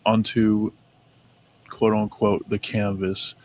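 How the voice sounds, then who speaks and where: A man's voice: on the low side, flat delivery, slow, darkish tone, slight background noise. A man co-hosting a casual talk, reading notes aloud and stumbling over names. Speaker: co-host reading Mandela effect notes. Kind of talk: casual chat.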